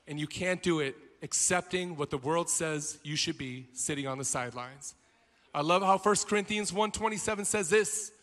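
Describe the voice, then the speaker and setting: A man's voice: fairly high pitch, a bit bright. A man preaching a rousing sermon at a conference, building to a call to action. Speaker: pastor. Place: large conference hall. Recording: long hall reverb.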